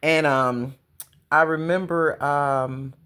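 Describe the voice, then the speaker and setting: A woman's voice: deep voice, fairly even intonation, slow, a bit bright, clear, resonant tone. A middle-aged woman from Detroit hosting a casual conversation, telling a personal story in a reflective, frank way. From Detroit, Michigan. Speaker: host. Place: living room.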